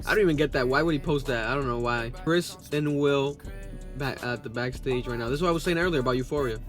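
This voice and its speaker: Excitable, profane male podcast host. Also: medium pitch, fast talker, soft background music. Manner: profane, excitable, reads posts aloud. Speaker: podcast host reacting to memes. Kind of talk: casual reaction commentary.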